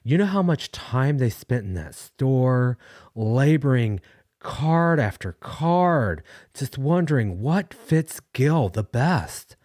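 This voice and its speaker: A deep, husky-voiced male caller, overwrought and sentimental, as a man puts him on for a comedy podcast. He gushes and apologizes his way through every thought. The sound is dry and close. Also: animated, a little slow, mellow, no room sound. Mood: emotional overwrought. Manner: weepy, gushing, dramatic apologies. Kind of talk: comedic character bit.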